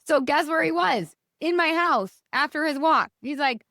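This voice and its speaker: This woman's voice is fairly bright and expressive, moving at a moderate pace with few pauses, as she hosts a casual motivational podcast. Chatty and bubbly, with a swinging pitch, she often says "you guys" to her listeners. The studio sound is clean, without echo.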